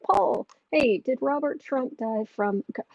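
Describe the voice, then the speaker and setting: Expressive and high-pitched with some vocal fry, this tarot reader and channel host talks at a measured pace with no room sound. She reads viewers' questions aloud on her livestream, bluntly opinionated and prone to rambling, all in dull lo-fi audio.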